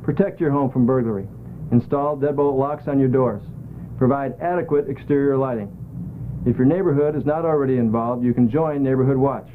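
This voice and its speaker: A man's voice: mid-range voice, fairly quick, slight background noise. A man reading a scripted public service announcement in a formal, earnest way. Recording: tinny lo-fi videotape audio.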